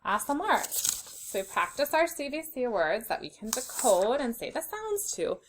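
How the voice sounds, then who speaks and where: A young adult woman teaching a phonics lesson to young children, sounding out letters slowly and clearly with encouraging praise. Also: a little high, very animated, slight background noise, poor audio.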